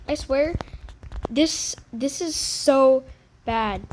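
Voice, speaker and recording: A woman's voice: high voice, very slow, a little mellow, slight background noise, poor audio. A woman giving casual gameplay commentary, playfully whiny and fake crying over bad loot. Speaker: gaming video creator.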